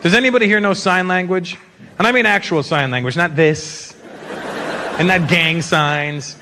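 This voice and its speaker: Recorded live at a comedy venue, this middle-aged comedian teases the audience during crowd work and cracks himself up. He speaks at a normal speed in a voice that sits high. The audience and the hall can be heard throughout.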